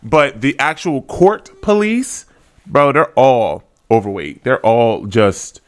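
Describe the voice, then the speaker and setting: Animated man reacting in podcast chat. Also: medium pitch, slow. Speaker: podcast co-host. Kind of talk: casual chat.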